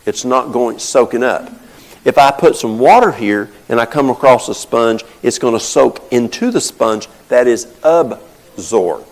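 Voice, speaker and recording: Gravelly older man teaching. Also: medium pitch, normal speed, low-quality recording. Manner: homespun, storytelling, explains with plain examples. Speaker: health talk presenter. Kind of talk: folksy teaching talk with anecdotes.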